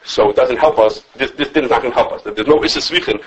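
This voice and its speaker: A man full of gives a quick, informal halachic class, correcting himself as he goes. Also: mid-range voice, slight background noise. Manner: animated, quick, self-correcting, answers questions. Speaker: Torah teacher. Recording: dull lo-fi recording.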